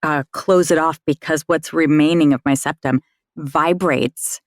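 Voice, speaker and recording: A woman narrator with a low-pitched voice, telling loose anecdotes in a roundtable chat. The sound is dry and close. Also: steady tone, a little slow, no room sound. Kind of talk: casual roundtable discussion.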